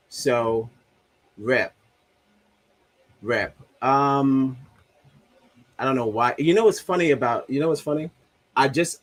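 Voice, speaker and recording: Man, livestream host, casual, joking, mid-pitched voice. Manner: loose, joking, talks to himself about a broken soundboard. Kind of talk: casual livestream chat reading comments.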